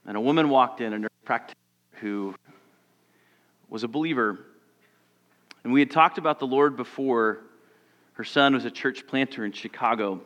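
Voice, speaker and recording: A man who is a pastor, giving a sermon and telling a personal story, moving between loud passages and hushed ones. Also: medium pitch. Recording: long church reverb.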